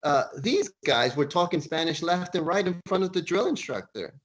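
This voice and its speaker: A middle-aged man from the East Coast of the United States telling a personal story on a video call. He is animated and often lifts his voice when he quotes other people. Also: high-pitched, normal speed. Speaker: panel speaker.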